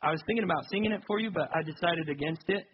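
A man's voice: a little high, very fast, husky, highs cut off. A young adult man preaching a sermon in a conversational, self-deprecating way that builds to emphatic peaks. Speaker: pastor.

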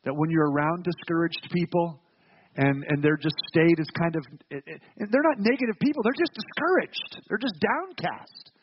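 A man's voice: on the high side, expressive, normal speed, husky, lo-fi sound. A man preaching a sermon as pastor, earnest and emphatic, with rhetorical questions and repeated words.

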